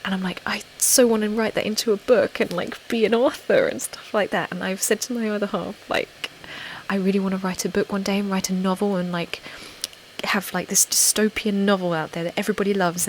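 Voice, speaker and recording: A young British woman, host of an ASMR channel, chatting casually on a live stream and reading viewer comments aloud, often slipping into a soft whisper. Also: medium pitch, slight background noise, rough recording. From Britain.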